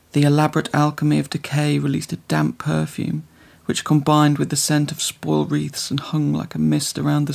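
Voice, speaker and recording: A man reading a literary story aloud in measured, scripted narration. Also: fairly high pitch, creaky, a little mellow. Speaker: audiobook narrator.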